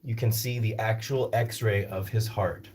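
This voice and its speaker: A man's voice: on the low side, fairly even intonation, a little slow, a little mellow, a little hiss or hum. A man from Northern Virginia hosting a casual live stream about rescue animals, jokey and rambling as he answers viewer comments aloud. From Northern Virginia, US East Coast.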